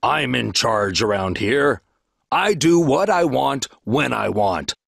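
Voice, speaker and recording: A man's voice: mid-range voice, expressive, takes it slowly, creaky, fairly bright tone, breathy edge, no room sound, clean studio sound, heavily acted. A man voicing a proud, boastful male lion king who roars and brags in a children's fable recording. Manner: roaring, bragging. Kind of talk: storybook audio narration.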